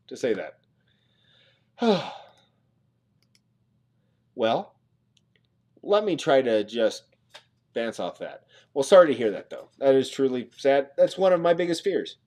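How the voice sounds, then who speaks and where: A man's voice: medium pitch, darkish tone. A man hosting a casual livestream from Nebraska, chatting and joking with viewers as he reads the chat aloud. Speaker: livestream host.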